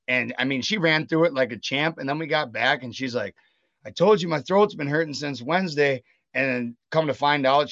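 A man's voice: mid-range voice, bright, forceful tone, no echo. A man telling self-deprecating stories in casual chat. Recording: dull lo-fi sound.

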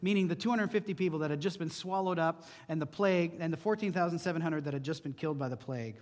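A man's voice: high-pitched, big pitch swings, quick pace, hardly any pauses, fairly bright tone. A male pastor preaching an earnest sermon, posing rhetorical questions to the congregation. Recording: long reverb from a large hall.

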